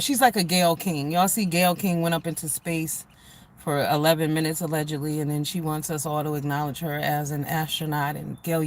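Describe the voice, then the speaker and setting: A woman hosting a livestream, ranting bluntly to her viewers in casual, profane, slang-heavy talk. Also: medium pitch. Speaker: livestream host.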